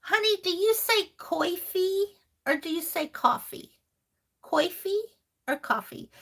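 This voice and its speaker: On a crafting live stream, a woman host reads viewer comments in a casual, chatty way, often laughing and fondly addressing viewers as honey and sweetheart. She has a very high, expressive voice that's a bit bright, delivered at a moderate pace.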